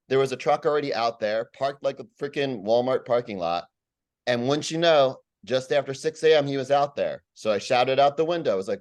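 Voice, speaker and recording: A man's voice: medium pitch, fairly quick. A man giving a rambling, aggrieved public comment at a community meeting, full of fillers and repeated words.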